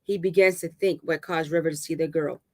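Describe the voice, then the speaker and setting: A dramatic novel is narrated in a steady, medium-pitched voice. The reader occasionally stumbles and restarts words, making the reading halting.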